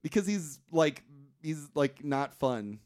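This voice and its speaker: A man with a fairly high-pitched voice, talking casually on a podcast. He recaps a movie plot in a dry, deadpan way, stopping now and then to act out a line of dialogue. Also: takes it slowly. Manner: deadpan recapping, acting out lines in quotes. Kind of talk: casual chat.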